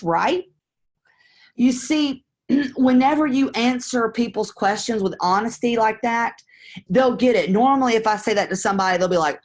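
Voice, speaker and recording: A woman's voice: on the high side, moderate pace, darkish tone. Woman coaching investors live, chatty and straight-talking, plays out phone call scripts. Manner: candid, conversational, acts out phone scripts. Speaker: real estate investing coach. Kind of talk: live-stream teaching and Q&A.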